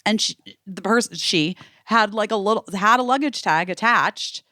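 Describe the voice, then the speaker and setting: Animated woman telling a story on a podcast. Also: mid-range voice, moderate pace, no room sound, studio quality. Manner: animated storytelling with many "like" fillers. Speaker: podcast host. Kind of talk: casual chat.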